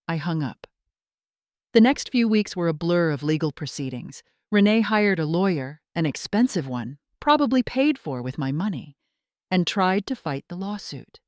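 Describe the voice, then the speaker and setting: An older woman giving a steady, earnest first-person story narration that speaks straight to the listener. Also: lowish voice, moderate pace, dry recording, clean studio sound.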